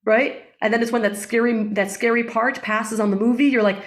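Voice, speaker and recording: A woman guest in an interview, a breathwork facilitator explaining things in a calm, unhurried way. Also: on the high side. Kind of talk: interview conversation.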